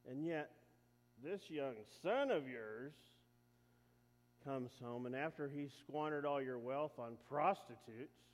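A man's voice: mid-range voice, slow pace, lightly acted. A man doing a resentful older brother, indignant. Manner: indignant complaining. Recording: echoey hall.

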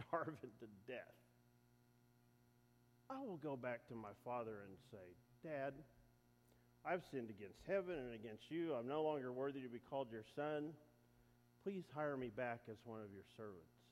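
A man's voice: mid-range voice, lively intonation, unhurried, natural voice. A man voicing a repentant, starving young son, humble and pleading, in a reverberant hall. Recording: echoey hall.

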